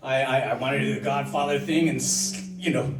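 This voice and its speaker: A middle-aged man telling a personal story at an open mic, halting and full of fillers, mixing grief with self-mocking humor. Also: mid-range voice, steady tone, noisy background. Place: underground performance venue on a live stage. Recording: roomy, distant live room with crowd. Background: audience laughing.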